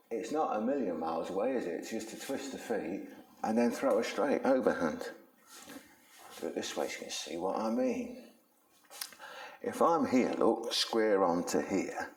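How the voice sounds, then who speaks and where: A man, teaching self-defense in a chatty, slangy storytelling way while demonstrating on a punching bag. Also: fairly low pitch. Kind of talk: casual instructional talk with demonstration. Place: training room with a punching bag. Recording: echoey room.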